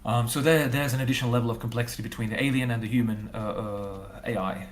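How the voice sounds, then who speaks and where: A man's voice: mid-range voice, fairly even intonation, quick pace. A man, a game developer, chatting casually on a livestream and thinking aloud in loose, rambling explanations full of repeated fillers.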